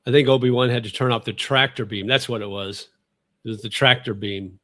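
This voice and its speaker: A man hosts a relaxed livestream and chats with viewers in an easygoing, rambling way. He laughs often and corrects himself mid-sentence. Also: medium pitch, a little fast. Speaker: livestream host. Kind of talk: casual chat, answering viewer comments.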